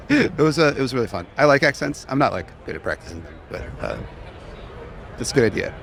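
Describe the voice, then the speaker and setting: A man's voice: mid-range voice, big pitch swings, a little fast, gravelly, a bit bright. A man co-hosting a live podcast at a conference, chatting casually and rambling through restarts and laughs. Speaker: podcast co-host. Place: conference hall floor.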